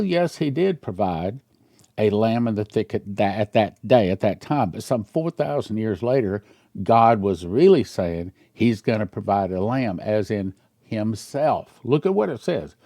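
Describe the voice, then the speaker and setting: A man's voice: lowish voice, warm tone, no echo, studio quality. A man pastor retelling a scripture story in a sermon, with emphatic repetition.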